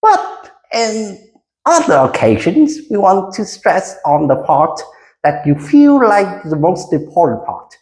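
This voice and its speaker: Unhurried English teacher, hesitant, sing-song intonation, roomy classroom sound. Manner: slow, deliberate, with frequent hesitations; lively pitch, leading the class in repetition. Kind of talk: classroom micro lesson. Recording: roomy echo.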